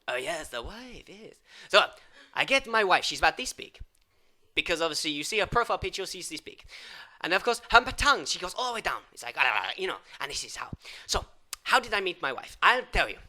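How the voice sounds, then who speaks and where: High, sharp-voiced man rambling absurdly. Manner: rambling absurd patter, swinging from loud outbursts to whispers. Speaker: improv comedian. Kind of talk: improvised comic monologue.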